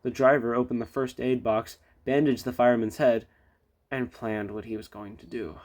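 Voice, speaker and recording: A man's voice: mid-range voice, flat delivery, normal speed, darkish tone. A man reading a children's railway storybook aloud with little chatty asides. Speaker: storybook reader.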